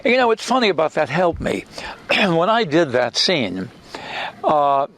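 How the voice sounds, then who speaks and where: An older man, an actor being interviewed, telling anecdotes in an animated way with restarts and acted-out quotes. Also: on the high side, unhurried.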